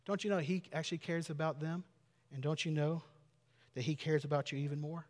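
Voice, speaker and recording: A man doing a calm, softly questioning teacher. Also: on the high side, brisk, long reverb tail, natural voice. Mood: gentle. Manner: soft, quiet questioning. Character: calm, gently probing male teacher.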